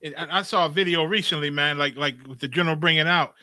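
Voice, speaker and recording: A man with a high, bright, tense voice recounts events in an excited, animated way. His voice comes over a remote call, dry and close with no room sound. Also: fast talker, dry recording. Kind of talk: call-in discussion.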